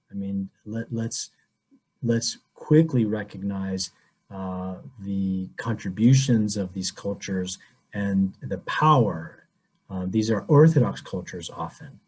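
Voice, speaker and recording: A priest answering questions in a webinar, speaking conversationally with anecdotes over a video call. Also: male voice, mid-range voice, warm tone, slightly rough. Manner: conversational, with frequent restarts and anecdotes.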